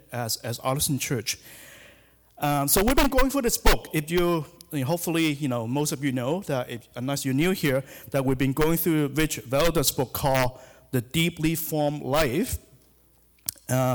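A middle-aged man, a hospital chaplain giving a sermon in a church, speaking hesitantly with many fillers and restarts. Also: on the high side. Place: church sanctuary. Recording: long hall reverb.

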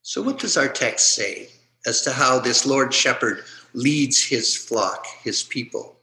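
A male preacher delivers a sermon at a very slow, deliberate pace. His voice is bright and sits a little high, and it swells and drops in loudness as he reads scripture. The sound rings in a roomy, echoey space. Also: lively intonation. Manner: slow, measured delivery with dramatic shifts in loudness. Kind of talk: sermon reading scripture aloud.

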